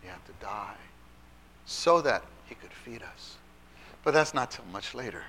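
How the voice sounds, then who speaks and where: A man giving an animated Bible teaching talk to church children's workers, stressing and repeating key phrases. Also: medium pitch, a little slow, a little hiss or hum.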